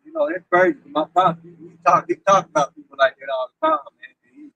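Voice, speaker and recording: A man's voice: very high-pitched, wildly swooping pitch, fairly quick, vocal fry, pushed and bright, dry recording, far from the mic, highs cut off. A man with an Oklahoma accent in casual conversation, chiming in with short agreeing remarks.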